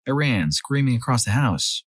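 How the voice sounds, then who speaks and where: A man narrating a series of reader-submitted stories as a scripted storyteller, lively when he voices the quoted lines. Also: medium pitch, moderate pace, breathy edge, no echo.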